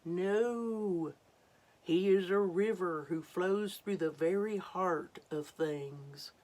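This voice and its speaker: A thundering waterfall in a storybook speaks firmly and insistently, as a woman reads its lines aloud. The delivery is slow and deliberate. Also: lowish voice, darkish tone.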